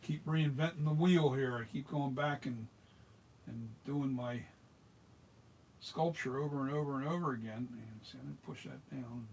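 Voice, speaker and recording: A man's voice: medium pitch, moderate pace, vocal fry, darkish tone, slight background noise. A middle-aged man from South Jersey, chatting casually and muttering to himself while he makes a mask. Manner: rambling, mutters to himself, restarts. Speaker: mask maker. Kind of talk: casual workshop chat while working.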